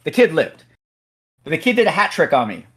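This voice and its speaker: Male host, slightly high voice, animated storyteller who builds to loud punchlines. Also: moderate pace, breathy edge. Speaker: host, SWAT officer. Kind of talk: casual storytelling chat.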